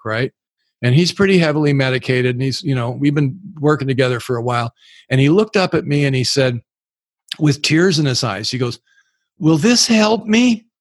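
An older man, a recovery speaker and sponsor, tells stories frankly and plainly during a live Q and A talk at an event. His voice is fairly high in pitch. The sound is clean, studio-like and free of echo.

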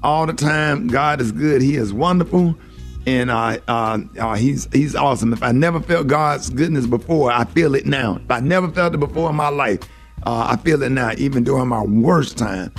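A man hosting a radio show and doing comedy, speaking in a heartfelt, halting way with many fillers. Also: mid-range voice, faint music behind.

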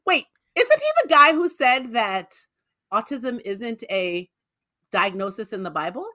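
A woman co-hosting a comedic talk show, chatting in an animated, quizzical way and laughing often. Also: on the high side, measured pace. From New York. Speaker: co-host. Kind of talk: casual comedic chat.

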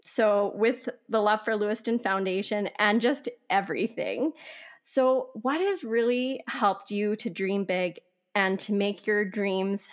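A woman hosting a podcast interview, affirming what her guest says and asking long open questions. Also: medium pitch. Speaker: podcast host. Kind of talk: conversational interview.

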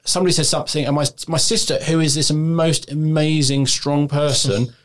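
A man hosting a podcast conversation, calm, earnest and plain-spoken. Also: a little high, fairly quick. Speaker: podcast host.

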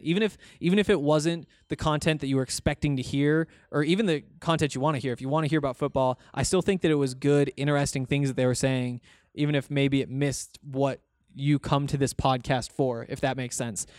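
A man's voice: medium pitch, clear, resonant tone, no room sound, studio quality. A young man hosting a casual solo podcast, talking in a rambling, conversational way with many fillers and restarts as he answers listener comments. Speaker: podcast host.

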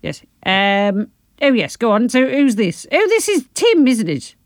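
A woman's voice: a little high, sing-song, a little slow, no echo. A woman co-hosting a comedic advice podcast, with a playful, teasing and bossy manner. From United Kingdom. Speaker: podcast co-host.

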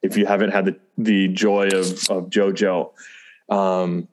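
A middle-aged man with a low-set voice talks in easy casual conversation. He rambles, doubles back on his words and laughs lightly often. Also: flat delivery, measured pace, slight background noise. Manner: rambling, self-interrupting, chuckles often. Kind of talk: casual chat.

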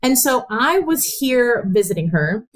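A woman with a Midwestern, slightly Chicago-flavored accent tells a story on a podcast. Her voice is high and a little nasal, and she laughs often as she goes. The delivery is lively and casual. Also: a little slow. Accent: US Midwestern, Chicago-tinged. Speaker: interviewer, host's sister.

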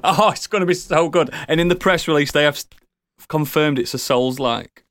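A man co-hosting a casual gaming podcast, excitable and jokey, laughing often. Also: on the high side, moderate pace, dry recording. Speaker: podcast co-host. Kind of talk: casual chat.

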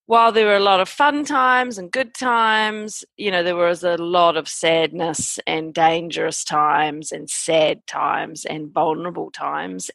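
A middle-aged woman with a New Zealand accent talks candidly as an interview guest, reflecting on her past in a frank, steady way. Her voice sits low and carries a gravelly edge. The sound is close and dry. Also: no room sound.

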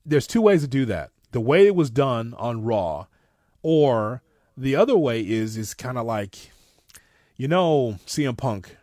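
A man co-hosting a wrestling podcast, rambling and enthusiastic, often restarting his sentences. His voice is mid-pitched. The sound is dry and close. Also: a little mellow, dry recording. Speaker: podcast co-host. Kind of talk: casual wrestling talk.

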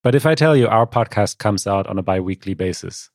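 Low-voiced man, dry and precise. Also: expressive, a little fast, no echo. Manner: precise, explains word meanings, dry humor. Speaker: podcast co-host. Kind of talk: casual chat.

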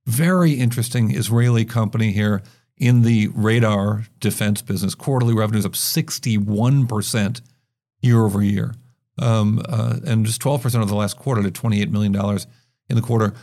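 A man hosting a business news podcast, talking through market stories in a conversational way with quick asides and frequent restarts. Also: lowish voice, steady tone, mellow. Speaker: podcast host.

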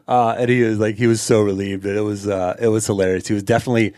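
A man's voice: fairly low pitch, fairly even intonation, racing, few pauses, a little mellow, no room sound, clean studio sound. A man hosting a podcast, telling a story in a chatty way with fillers and laughing as he goes. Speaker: podcast host. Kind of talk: casual storytelling monologue.

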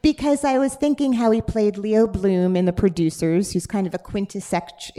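A woman hosts a live podcast taping on stage, her talk playful and chatty. She laughs easily as she jokes with her guest, and her voice sits at an ordinary middle pitch. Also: steady tone, normal speed, warm tone. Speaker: podcast host. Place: stage before a live audience.

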